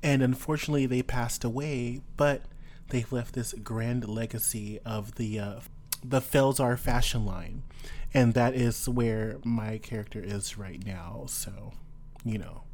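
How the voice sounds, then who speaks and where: A player introducing a new tabletop character in casual chat, halting and searching for words. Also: mid-range voice, fairly even intonation, darkish tone, a little hiss or hum. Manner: halting, with many fillers and restarts.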